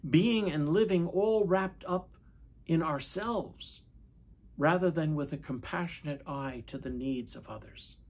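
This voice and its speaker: Priest man doing a sunday homily, pitch goes up and down a lot, unhurried. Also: slightly rough. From United States. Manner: measured, reflective, asks questions of listeners.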